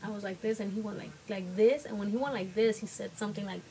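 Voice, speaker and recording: A woman's voice: medium pitch, fairly quick, a little mellow, a little hiss or hum, rough recording. A young woman telling a personal story to camera, hesitant, with many fillers and restarts. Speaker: vlogger.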